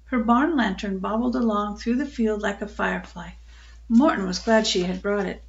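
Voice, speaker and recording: An older woman reading a children's book aloud, telling it in a calm, unhurried way with small slips. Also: medium pitch, creaky, dull audio. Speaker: storyteller.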